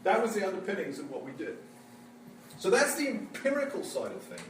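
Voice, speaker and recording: Man doing an animated Victorian naturalist lecturing, high swooping voice, echoey hall, distant mic. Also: slight background noise. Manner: animated, theatrical, joking storyteller. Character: witty, enthusiastic Victorian male naturalist. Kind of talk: in-character historical lecture.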